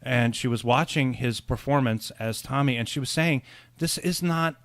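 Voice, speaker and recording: A man's voice: mid-range voice, moderate pace, dry recording. A man hosting a casual film discussion, speaking conversationally and thinking aloud as he goes. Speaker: podcast host and filmmaker.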